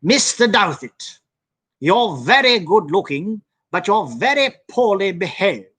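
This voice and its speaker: A man putting on a to quote a stern older male professor who speaks slowly and formally. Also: sits high, very animated, a bit bright, slightly rough, pitched above the performer's own voice, full character voice.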